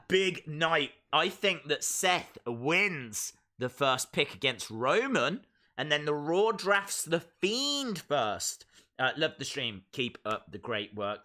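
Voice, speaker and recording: A man's voice: on the high side, sharp tone. A young man hosting a casual live stream who reads viewer comments aloud and rambles through playful jokes and asides.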